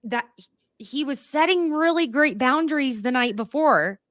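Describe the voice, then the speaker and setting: A woman's voice: high voice, expressive, unhurried, a bit bright, no room sound, clean studio sound. A woman hosting a casual podcast, talking frankly and animatedly and acting out quotes. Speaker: podcast host.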